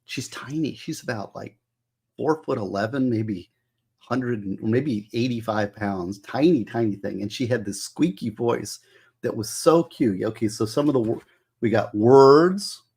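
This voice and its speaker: A husky, slightly rough male voice with a middle-range pitch. He rambles happily through music trivia on a casual livestream, often restarting his phrases mid-thought. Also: normal speed, darkish tone. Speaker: host.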